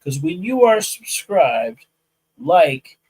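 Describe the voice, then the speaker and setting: A man hosting a live podcast as a firearms instructor, chatting casually with viewers and telling animated stories where he acts out both sides of conversations. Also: on the high side, slow, husky, low-quality recording. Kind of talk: casual live-stream chat. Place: outdoor shooting range.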